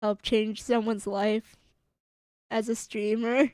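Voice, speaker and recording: A woman's voice: a little high, takes it slowly, a little mellow, no echo, clean studio sound. A woman streamer chatting on a livestream, choked up and tearful, giggling between her phrases. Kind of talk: casual livestream chat.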